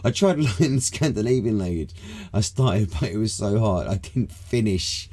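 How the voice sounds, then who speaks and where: Husky, laid-back British guy rambling. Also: on the low side, animated, normal speed, mellow. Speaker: podcast co-host. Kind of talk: casual chat on a live smoke session.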